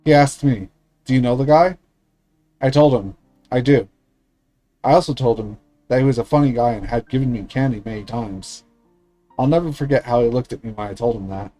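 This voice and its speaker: Mellow-voiced man reading a visual novel. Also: mid-range voice, quick pace, faint music behind, low-quality recording. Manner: steady, earnest reading with small slips. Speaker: streamer.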